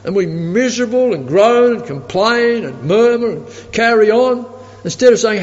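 A man's voice: sits high, animated, moderate pace. A man preaching a sermon emphatically and chuckling as he tells a story. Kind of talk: sermon with anecdote. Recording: echoey hall, dull lo-fi sound.

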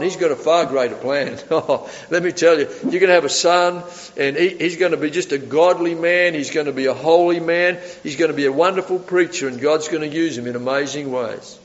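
A man preaches with lively storytelling, laughing softly between lines. His voice sits fairly high. The recording is muffled and lo-fi, with a long hall reverb. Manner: animated storytelling, chuckling often. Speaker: pastor. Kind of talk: sermon.

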